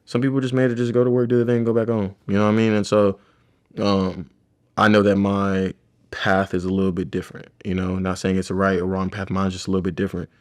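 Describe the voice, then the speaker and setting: A man's voice: sits low, little pitch movement, fast talker. A man who works as a chiropractor, talking casually and reflectively in a rambling conversation about his experiences.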